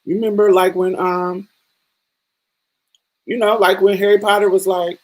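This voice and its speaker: A woman's voice: mid-range voice, flat delivery, moderate pace, long pauses, darkish tone. A woman podcast host giving casual film commentary, emphatic and profane, acting out the characters' lines as she talks.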